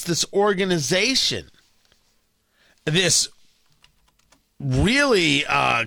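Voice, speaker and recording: A man's voice: on the high side, creaky, sharp tone, dry recording. A man hosting a political talk radio show, delivering a sarcastic, opinionated monologue full of rhetorical questions.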